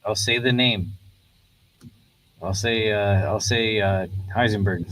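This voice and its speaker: A man's voice: lowish voice, slow, long pauses, fairly bright tone, low-quality recording. A man co-hosting a podcast, laid-back, chiming in with short comments and jokes about a movie. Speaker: podcast co-host. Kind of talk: casual movie review chat.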